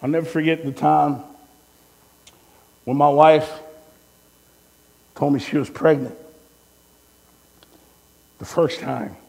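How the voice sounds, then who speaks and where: A fairly high-pitched male pastor preaches in a storytelling way, swinging between loud outbursts and hushed asides. His voice rings out with a long reverb from the church sanctuary. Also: fairly even intonation, takes it slowly, creaky, long pauses. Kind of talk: sermon.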